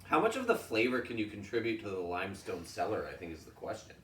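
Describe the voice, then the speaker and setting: A man's voice: on the low side, wildly swooping pitch, quick pace, fairly bright tone, reverberant, distant mic, slight background noise. A man co-hosting a whisky tasting, talking casually and jokingly with lots of filler words. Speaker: whisky reviewer, co-host.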